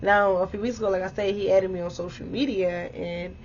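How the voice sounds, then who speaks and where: A woman in her twenties telling a story in a casual vlog, animated and exclamatory, swearing freely and talking straight to her viewers. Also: mid-range voice, fairly quick, a little hiss or hum. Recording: dull lo-fi audio.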